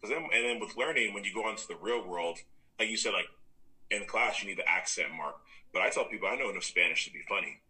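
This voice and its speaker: A man's voice: fairly low pitch, fast, sharp tone, poor audio. A man in casual conversation who jokes around and acts out little quoted voices. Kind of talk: casual chat.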